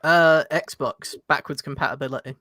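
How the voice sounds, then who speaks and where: A young man answering quick questions in a casual chat, with short replies and soft laughs. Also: fairly high pitch, steady tone, dry recording, clean studio sound. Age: young adult. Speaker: guest reviewer.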